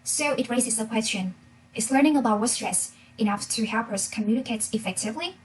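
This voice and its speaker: A woman's voice: on the high side, fairly quick, slight background noise, rough recording. A young woman from Vietnam, a student, presenting a class talk in an engaging way and asking the listener questions. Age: young adult.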